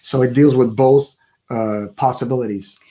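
A man co-hosts a Christian broadcast in a loose, informal way. He often stalls and starts his sentences over. His pitch is ordinary for a man. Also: steady tone, normal speed, warm tone. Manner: hesitant, many fillers and restarts. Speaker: co-host. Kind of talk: casual chat on a Christian broadcast.

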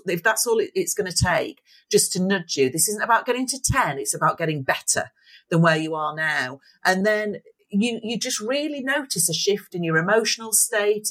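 A woman's voice: on the low side, fairly bright tone. A middle-aged woman speaking as a guest in an interview, reflective and encouraging, often voicing thoughts as quotes. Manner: reflective, acts out inner voices in quotes. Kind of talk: interview conversation.

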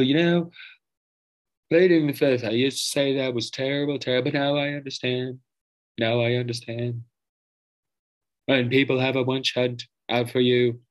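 A man's voice: mid-range voice, natural voice. A man putting on the voice of a boastful older politician who repeats himself and praises his own words. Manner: repetitive, self-praising drawl.

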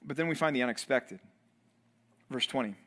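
A male pastor preaching a sermon in an animated way, acting out quoted voices. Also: mid-range voice, moderate pace.

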